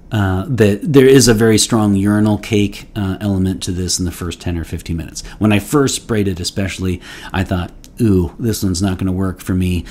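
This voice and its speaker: A man with a lowish, somewhat dark voice hosts a solo fragrance review channel, rambling casually with playful mock outrage and plenty of restarts.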